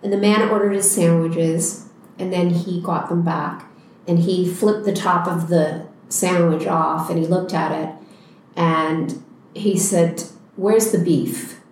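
Woman teacher, calm reflective storyteller, slightly low voice; record in a very echoey room. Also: slight background noise. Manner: reflective, unhurried retelling. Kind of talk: storytelling in a conversation.

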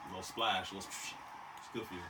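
A man's voice: low-pitched, level tone, fast talker, pushed and bright, recorded from a distance, slight background noise. A young man hosting a casual podcast chat, telling a story in slang, laughing often and acting out what people said. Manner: laughing storyteller, slangy, acts out quoted voices. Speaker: podcast host.

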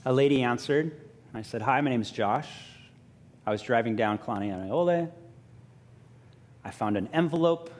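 A man pastor, telling a personal story in a sermon with lively self-mocking humor, then growing soft and quiet for reflection. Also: medium pitch, normal speed, long pauses, in a large hall. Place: church sanctuary.

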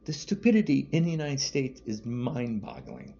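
Furious ranting man, lively pitch. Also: moderate pace, creaky. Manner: furious, shouting insults, repetitive. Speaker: podcaster. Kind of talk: angry political rant. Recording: dull lo-fi audio.

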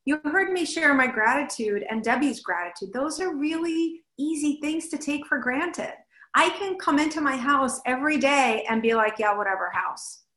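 A woman giving an animated motivational talk, acting out her own inner voice in little scenes. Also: sits high, moderate pace, roomy sound, low-quality recording. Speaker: host and speaker.

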